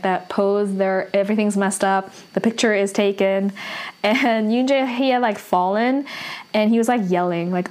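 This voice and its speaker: A woman casually recapping and reviewing a TV drama, chatty and full of fillers and restarts. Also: medium pitch.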